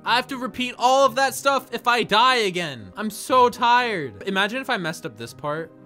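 A young man commentates his own game over a desk mic, prone to dramatic outbursts and exaggerated complaints. His voice sits high and bright, with a lively swing between hushed muttering and sudden yelps. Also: a little fast, soft background music. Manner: excitable, dramatic outbursts and groans. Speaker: gaming video host. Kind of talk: gameplay commentary.

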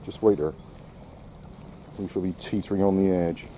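A man's voice: sits low, fairly even intonation, normal speed, noisy background. A man giving casual vlog commentary outdoors while walking his dog, full of wry, sarcastic asides. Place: outdoors on a seaside quay.

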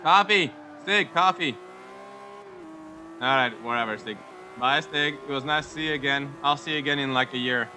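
A young man giving casual, excitable commentary over a racing game, joking and giggling as he drives. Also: medium pitch, moderate pace, slight background noise. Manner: excitable, giggly, jokey running chatter. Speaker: gaming YouTuber.

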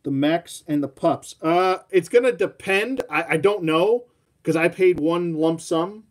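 A man's voice: on the high side, a little slow. A man hosting a live toy showcase, chatting casually in a rambling, self-mocking way and talking to his dog. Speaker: toy collector host.

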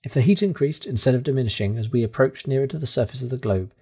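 A man narrating a classic novel aloud in a steady, measured first-person storytelling manner. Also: medium pitch, slightly rough. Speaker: audiobook reader.

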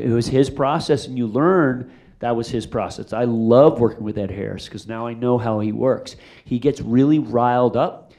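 Middle-aged man, director at a post-screening Q&A; mid-pitched, loose and rambling, animated storyteller. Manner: rambling, animated, lots of fillers and restarts. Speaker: film director answering audience questions. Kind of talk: casual storytelling Q&A. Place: theater after a screening.

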